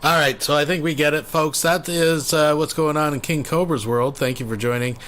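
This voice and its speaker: A man's voice: on the high side, steady tone, normal speed, a bit bright. A man hosting a casual commentary show, talking laid-back to his viewers. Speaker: commentary host.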